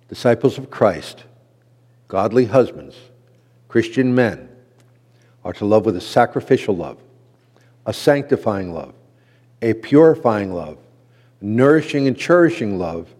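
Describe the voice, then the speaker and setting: A man's voice: medium pitch, warm tone. A man teaching a sermon-style lesson to men as a pastor, earnest and repeating key phrases for emphasis. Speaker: pastor teaching a men's class. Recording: long hall reverb.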